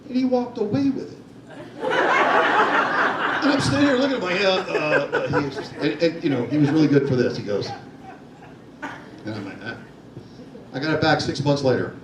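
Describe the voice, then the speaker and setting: A man's voice: on the high side, very animated, a little fast. An older man, a former Secret Service agent, telling chatty stories to a meeting and laughing through them. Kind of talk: anecdotal talk to a meeting. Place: meeting room. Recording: echoey room, distant mic, noisy.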